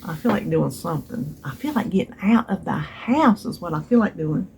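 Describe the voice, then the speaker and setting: A middle-aged Southern US woman vlogs from a chair at home, talking to her phone in a chatty, wandering way that trails off, restarts, and drifts into wistful asides. Her lowish voice is animated, creaky, and darkish at normal speed, with a little hiss or hum.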